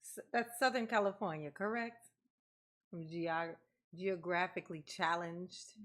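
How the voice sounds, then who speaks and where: A woman's voice: fairly low pitch, steady tone, unhurried, fairly bright tone. A woman hosting a livestream, greeting viewers by name in casual, playful chat and laughing often. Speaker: livestream host.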